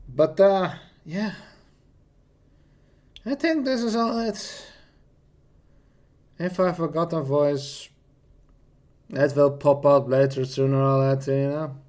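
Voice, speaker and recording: Man, voice-acting streamer, casual self-introduction, slow, somewhat high voice, rambling and hesitant. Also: darkish tone. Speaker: voice actor streamer.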